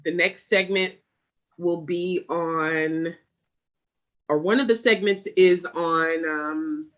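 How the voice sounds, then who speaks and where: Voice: medium pitch, fairly even intonation, takes it slowly, a bit bright. A panel moderator giving closing remarks on a live online panel, rambling with many fillers and restarts.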